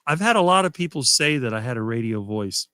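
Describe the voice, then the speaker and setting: A middle-aged man talking casually as a guest and answering quickly with almost no fillers. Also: medium pitch, expressive, pushed and bright, smooth, no echo. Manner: fluent and quick, few fillers. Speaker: guest on a diet talk show. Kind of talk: casual conversation on a live stream.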